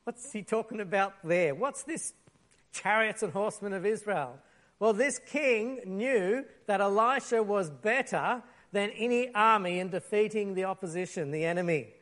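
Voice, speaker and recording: A man with a high-pitched voice preaches a lively sermon at a normal speed. He tells a Bible story with energy, acting out the quotes and picking up props along the way.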